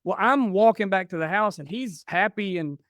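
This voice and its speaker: Smooth-voiced man telling family stories. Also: sits high, moderate pace, a bit bright, no room sound, clean studio sound. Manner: chatty, restarts and quotes himself. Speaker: podcast guest. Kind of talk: casual storytelling.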